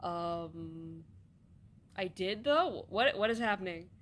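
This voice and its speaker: A woman with a somewhat high voice plays out a comedy skit and trades roles in quick banter. Her delivery is dry and sarcastic, with casual swearing. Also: lively intonation, a bit bright. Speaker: comedy sketch voice performer. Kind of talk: comedic dialogue skit, voicing several characters.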